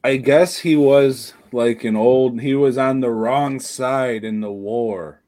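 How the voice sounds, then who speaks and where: A man's voice: medium pitch, fairly even intonation, takes it slowly, dark tone. A man co-hosting a horror podcast, talking casually with lots of swearing and laughter. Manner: profane, laughing, rambling. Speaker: podcast co-host. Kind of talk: casual chat.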